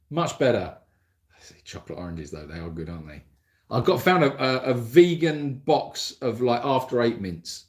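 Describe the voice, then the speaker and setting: A man's voice: mid-range voice, expressive, normal speed, darkish tone. A man hosting a casual livestream Q&A, rambling and self-deprecating as he answers viewer comments into his mobile phone. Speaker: animal sanctuary host answering viewer comments.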